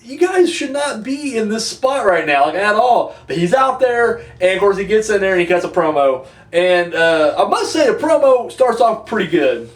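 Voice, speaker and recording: Man reviewer, loose and profane, lively high voice, recorded far off in an echoey room. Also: moderate pace, hardly any pauses. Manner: rambling, profane, lots of fillers. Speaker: wrestling reviewer. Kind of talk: casual rambling review. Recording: echoey room, mic at a distance.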